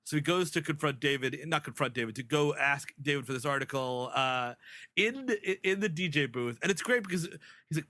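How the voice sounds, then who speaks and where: A man's voice: a little high, animated, fairly quick, sharp tone, no room sound. A man co-hosting a comedy podcast, rambling through a plot recap with mocking asides. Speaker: podcast co-host. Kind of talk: casual comedic recap chat.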